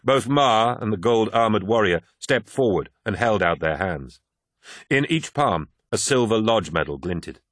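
A man reads an audiobook narration in a steady, measured way. His voice sits on the low side. The recording is close and dry, with no room sound. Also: no room sound. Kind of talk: scripted narration.

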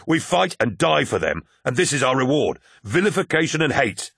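A man doing a zealous soldier-orator, raised higher than his own voice and pushed louder, with a husky edge. He preaches in a declaiming, indignant sweep, and the audiobook sound is close and dry. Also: big pitch swings, moderate pace, no echo, exaggerated voice. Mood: impassioned. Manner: impassioned, declamatory. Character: zealous male warrior-orator, fervent and indignant. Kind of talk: audiobook character voice.

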